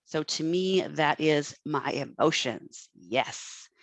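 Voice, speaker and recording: A woman's voice: sits low, animated, slow, no room sound. Earnest woman coaching through stress. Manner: earnest, thinking aloud with restarts. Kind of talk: self-help talk.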